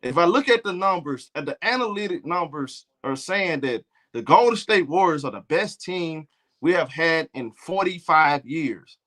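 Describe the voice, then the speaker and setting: A man from Alabama with a Southern accent, mocking a prim, over-polished basketball analyst in a slow, stiff, proper delivery. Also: fairly high pitch, lively intonation, fairly bright tone. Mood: mock-formal.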